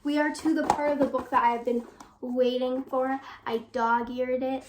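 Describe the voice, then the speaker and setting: Young woman book vlogger, high voice, dry sarcastic asides, casual read-aloud. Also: level tone. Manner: sarcastic, mocking asides with quick laughs. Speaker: book reviewer.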